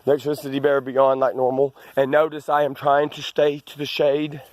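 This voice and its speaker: A man films himself as he walks his rural land, slightly out of breath. He speaks in a mid-pitched voice, meandering through restarts and asides. The sound is close and dry. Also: monotone, a little fast, darkish tone, dry recording. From Arkansas. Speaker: landowner vlogger. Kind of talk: rambling outdoor walk-and-talk.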